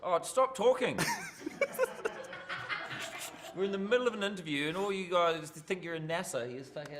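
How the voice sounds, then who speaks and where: A man in his forties with a New Zealand accent, joking through a film interview in a deadpan, sarcastic way with sudden loud outbursts. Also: high-pitched, normal speed, pauses often, background noise. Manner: deadpan sarcastic wit with sudden shouted bits. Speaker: film director being interviewed.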